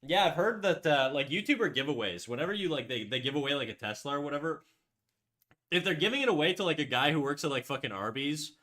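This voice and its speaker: A man's voice: on the high side, very animated, fast, a bit bright. A man hosting a casual livestream while drawing. He rambles and restarts, says "like" often, swears freely, and reads out and answers chat messages. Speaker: livestream host.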